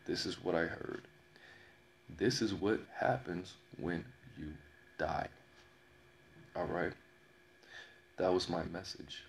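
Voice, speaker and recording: A very deep, gravelly male voice tells a personal story at an unhurried pace. He leans on repetition and lets pauses hang for dramatic weight. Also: a little hiss or hum. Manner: slow, dramatic telling with repeated phrases and pauses. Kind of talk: personal story told to camera.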